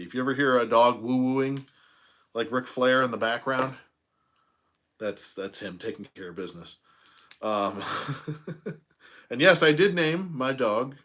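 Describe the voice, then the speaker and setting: Rambling toy collector. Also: male voice, medium pitch, fairly bright tone. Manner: rambling storyteller, laughs often, drawn-out pauses. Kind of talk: casual unboxing chat. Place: home room.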